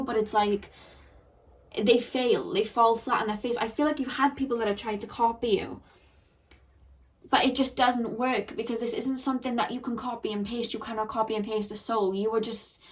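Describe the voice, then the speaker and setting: A woman's voice: on the high side, far from the mic. A woman giving an emotional, earnest tarot reading to her viewers, repeating phrases and getting teary. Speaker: tarot card reader.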